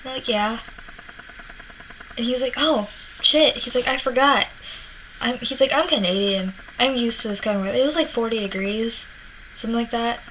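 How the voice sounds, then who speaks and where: A young Florida woman tells a story to her vlog viewers in a chatty, casual way, acting out quotes and sometimes laughing or cursing. Her voice is slightly high and brisk, and the rough recording carries a faint hiss or hum.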